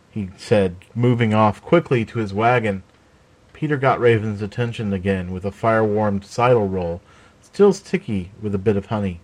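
A man narrating a fantasy story aloud with a steady, even reading. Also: fairly low pitch, moderate pace.

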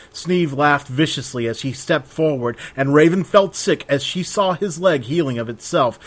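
Man narrating a story in a measured voice. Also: mid-range voice, a bit bright. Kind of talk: scripted narration.

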